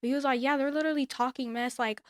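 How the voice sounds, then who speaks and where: Smooth, high-voiced woman telling a story. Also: racing, no echo. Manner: animated, acts out others' lines, emphatic advice. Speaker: storyteller sharing a personal experience. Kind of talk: casual storytelling.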